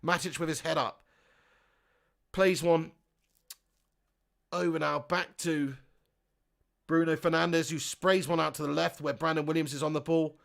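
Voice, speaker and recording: A man hosting a live football watch-along, reading out chat comments and shouting at the big chances. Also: fairly high pitch, fairly even intonation, a little slow, gravelly, long pauses.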